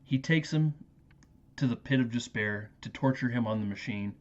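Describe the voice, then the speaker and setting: A man's voice: mid-range voice, moderate pace. A man hosting a podcast, laughing often while he recaps a movie in casual chat. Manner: laughing, acts out movie quotes. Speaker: podcast host. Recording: dull lo-fi audio.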